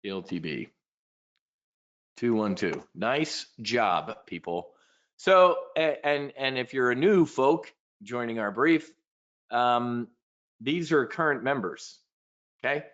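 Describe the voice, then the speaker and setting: A man's voice: mid-range voice, animated, takes it slowly, long pauses, a bit bright. Male market-briefing host with a blunt, profane ranting delivery and slightly muffled audio. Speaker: trading show host.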